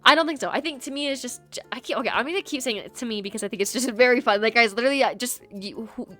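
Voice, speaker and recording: A woman's voice: a little high, very fast, pushed and bright. Giggly woman rambling while she games, usb mic at home, faint music behind. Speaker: streamer. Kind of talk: casual gameplay chat. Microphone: USB microphone.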